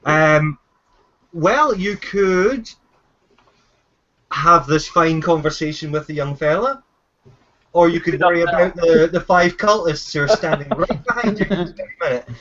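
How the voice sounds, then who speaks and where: A man narrating a tabletop game as its game master, his speech unhurried and full of halting restarts. His pitch sits a little above the usual for a man. The sound is muffled and lo-fi, like voice chat. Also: fairly bright tone. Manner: hesitant, frequent fillers and restarts.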